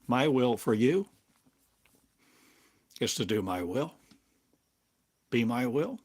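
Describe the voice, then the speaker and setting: Slow, husky older man musing spiritually. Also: medium pitch, big pitch swings, a little mellow. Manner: drawn-out, halting phrases with long pauses. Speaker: spiritual teacher. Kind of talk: slow meditative spiritual monologue. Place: home in a small town, drinking coffee.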